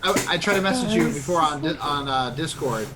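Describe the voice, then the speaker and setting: A man chatting casually at a tabletop game, explaining quickly with stumbles. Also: a little high, lively intonation, a loud crowd.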